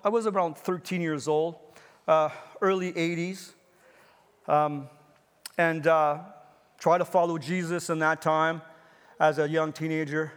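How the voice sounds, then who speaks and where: Male pastor in his fifties with a high voice, preaching earnestly in a church with long reverb. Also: a bit bright, clean tone. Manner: earnest, personal preaching with repeated phrases. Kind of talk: sermon.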